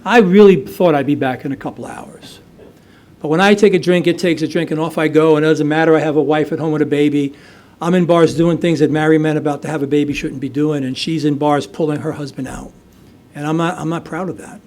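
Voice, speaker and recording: A man's voice: on the high side, fairly even intonation, a little fast, darkish tone. A middle-aged man from the United States telling his recovery story at a meeting, conversational, with many fillers and restarts. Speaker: AA speaker. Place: meeting hall.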